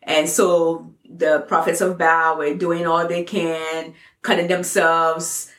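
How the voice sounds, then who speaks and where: A woman's voice: low voice, little pitch movement, takes it slowly, fairly bright tone. A woman co-hosting a faith podcast, chatting casually and laughing as she explains a Bible story. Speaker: podcast co-host. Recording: echoey room.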